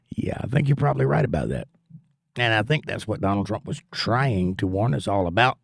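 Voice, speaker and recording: This Georgia livestream host has a low, gravelly, expressive voice and talks fast as he reads viewer comments aloud and tells folksy, jokey stories in casual chat. The studio-quality sound has no echo.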